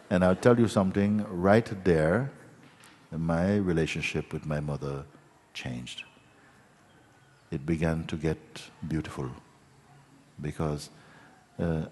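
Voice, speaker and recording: Spiritual teacher, male, deep husky voice, meandering storyteller, long hall reverb. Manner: gentle storytelling with many restarts and tag questions. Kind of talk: satsang talk.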